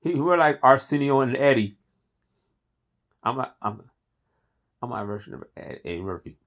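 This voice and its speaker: A man talking straight to camera in a relaxed, enthusiastic vlog. He rambles and repeats himself with a mid-pitched voice. The recording is dull and lo-fi. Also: moderate pace. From Philadelphia. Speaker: host. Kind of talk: casual vlog monologue.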